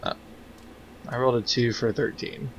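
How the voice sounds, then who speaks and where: A man's voice: mid-range voice, little pitch movement, normal speed, lo-fi sound, over a noisy crowd. A man playing a tabletop game, making matter-of-fact calls about moves and rolls. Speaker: player. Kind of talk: casual tabletop game chat.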